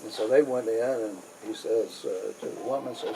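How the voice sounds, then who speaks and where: A man with a Kentucky accent telling a folk tale in a drawling, unhurried style with rural grammar. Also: lowish voice, creaky, dark tone, slight background noise, low-quality recording. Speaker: storyteller. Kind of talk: oral folk storytelling.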